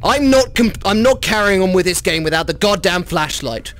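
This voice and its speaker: A gaming YouTuber playing a VR horror game, chatty and swearing, who talks to the monsters in a mock bro voice and shrieks when scared. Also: male voice, sits high, animated, moderate pace, a bit bright, soft background music. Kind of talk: comedic VR horror let's play.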